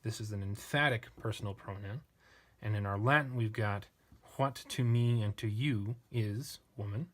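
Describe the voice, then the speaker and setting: A man hosting a lesson, walking patiently and methodically through a text and thinking aloud with small pauses and restarts. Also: fairly low pitch. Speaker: language teacher; channel host. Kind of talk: screen-share lesson comparing texts.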